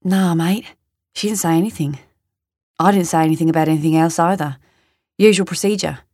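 A woman's voice: on the low side, steady tone, fairly quick, a little mellow, no room sound, studio quality, close to an everyday voice. A woman reading as a blunt, offhand Aussie paramedic. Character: laid-back Australian male paramedic, blunt.

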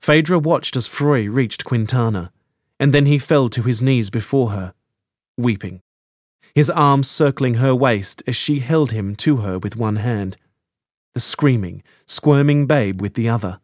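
A male audiobook narrator reads in a measured, steady way, at a mid pitch for a man. The studio sound is dry and close to the mic. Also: no echo.

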